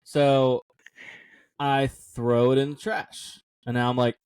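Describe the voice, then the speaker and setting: A man's voice: medium pitch, level tone, takes it slowly, darkish tone, smooth, no echo. A young man co-hosting a casual podcast, telling a self-deprecating story and laughing often. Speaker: podcast co-host.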